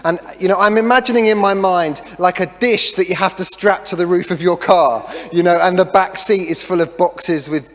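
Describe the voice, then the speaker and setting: A middle-aged man preaching a sermon as a pastor, telling a story in a chatty way with self-deprecating jokes and lively asides. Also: high voice, normal speed, hardly any pauses. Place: church hall. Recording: long reverb of a church hall.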